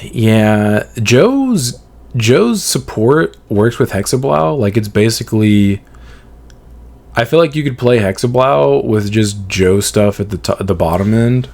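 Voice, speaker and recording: A man with a gruff, gravelly voice that sits on the low side talks through card game picks with easygoing agreement. He thinks out loud and speaks in a casual podcast chat. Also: expressive, takes it slowly. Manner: laid-back, agreeable, thinks aloud. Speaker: podcast co-host.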